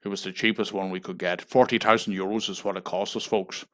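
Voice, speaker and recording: An Irish man making a deadpan mock fundraising appeal on a livestream, pleading and tagging "folks" onto nearly every phrase. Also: sits low, quick pace. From Ireland. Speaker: comedic livestreamer.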